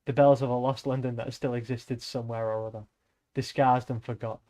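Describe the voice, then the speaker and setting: A man's voice: mid-range voice, level tone, fairly quick, warm tone. A man reading a novel aloud on a live stream, breaking off often for rambling, joking asides to his chat.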